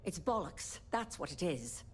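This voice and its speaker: A woman's voice: fairly low pitch, sing-song, measured pace. A woman voicing a weary female doctor in a video game, with a blunt, exasperated, ranting manner.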